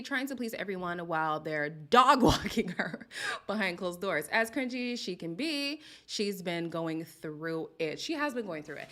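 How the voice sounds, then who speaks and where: Woman host, casual commentary, sassy and direct, voice swinging up and down a lot. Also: mid-range voice. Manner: animated, sassy, talks straight to viewers. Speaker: reality TV commentator. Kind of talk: casual chat.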